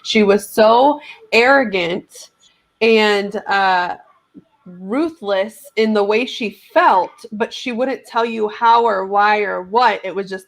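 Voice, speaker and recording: A woman's voice: medium pitch, slow. Chatty woman telling a story. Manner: rambling, acts out others' words in storytelling. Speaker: podcast co-host. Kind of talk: casual chat.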